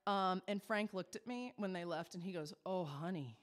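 Chatty cabaret singer with reverb. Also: female voice, mid-range voice, moderate pace. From Texas. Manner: chatty, self-mocking storyteller. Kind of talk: stage patter between songs.

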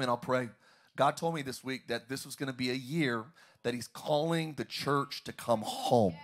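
Man preaching with call-and-response. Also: on the high side. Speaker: pastor. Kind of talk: sermon. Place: large church auditorium.

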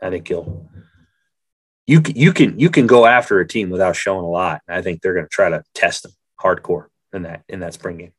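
Casting: middle-aged man, very low voice, dry close sound, blunt rambling sports talk. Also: a little fast, breathy edge, no echo. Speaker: sportswriter podcast co-host. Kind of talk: casual sports chat.

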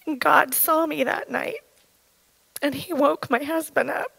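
A woman in her thirties giving an earnest, halting personal testimony at church, her voice shaken with emotion. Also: high voice, steady tone, vocal fry, fairly bright tone, dry recording, low-quality recording. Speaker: church speaker sharing testimony.

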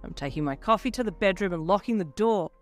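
A woman's voice: medium pitch, lively intonation, quick pace, lightly acted. A woman voicing an exasperated teenage schoolboy. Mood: teasing. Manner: yelling in alarm. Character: teenage boy student, exasperated then fond. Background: soft electronic backing music.

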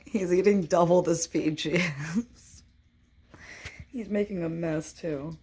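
A woman's voice: fairly low pitch, slow, a little mellow, slight background noise. A young woman filming her cats at home on a phone, chatting to them in playful sing-song baby talk. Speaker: cat owner filming her pets. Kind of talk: casual chat to pets on camera.

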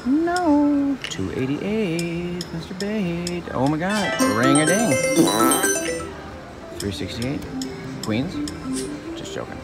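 Male slots vlogger, foul-mouthed and teasing, very animated voice, unhurried delivery. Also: high-pitched. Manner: profane, excitable, cursing at the machine; teasing, jokey asides. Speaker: slot machine gambling vlogger. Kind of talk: live commentary while playing slots. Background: loud slot machine music and chimes.

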